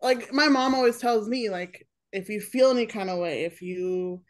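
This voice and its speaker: A woman's voice: mid-range voice, moderate pace. Rambling young woman saying "like" a lot. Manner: rambling, heavy use of "like". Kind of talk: casual chat.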